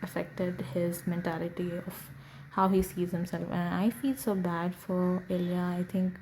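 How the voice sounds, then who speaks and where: A young woman hosting a podcast, chatting slowly and casually with lots of fillers, gushing over a show. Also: lowish voice, flat delivery, a little mellow, slight background noise, poor audio. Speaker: podcast host. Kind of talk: casual fan reaction chat.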